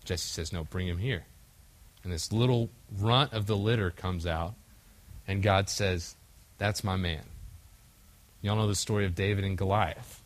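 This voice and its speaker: Relaxed conversational preacher, man, low voice. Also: unhurried, pauses often. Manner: conversational, acts out quoted voices, occasional slips. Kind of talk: casual sermon with group discussion.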